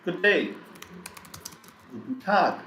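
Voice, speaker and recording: A man teaching a live online German lesson, speaking slowly and repeating each word several times. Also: a little high, sing-song, bright, forceful tone, faint music behind. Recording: echoey room, faint background noise.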